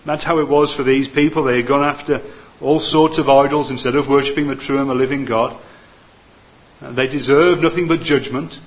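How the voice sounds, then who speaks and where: A man preaching a sermon, earnest and gentle, with many "uh" fillers. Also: medium pitch, fairly even intonation, a little fast, lo-fi sound.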